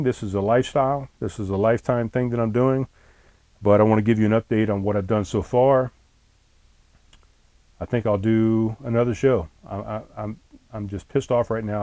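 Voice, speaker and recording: A man's voice: medium pitch, a little mellow, no room sound. A man hosting his own podcast from inside a camper trailer, chatting loosely in an irritated, rambling way and cursing often, recorded on a laptop in front of him. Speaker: podcast host. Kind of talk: casual solo podcast chat. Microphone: laptop on a tray in front of him.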